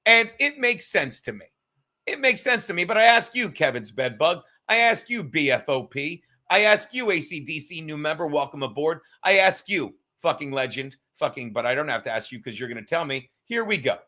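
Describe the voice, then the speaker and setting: A man's voice: a little high, big pitch swings, moderate pace, bright, forceful tone. A man hosting a livestream, ranting and mocking in a profane, combative way. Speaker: livestream host.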